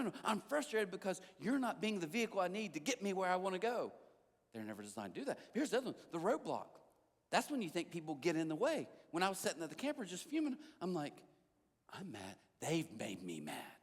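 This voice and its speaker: Middle-aged male pastor, high lively voice, storytelling sermon in a big echoing church hall. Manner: animated, dramatic swings from loud to hushed. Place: church auditorium.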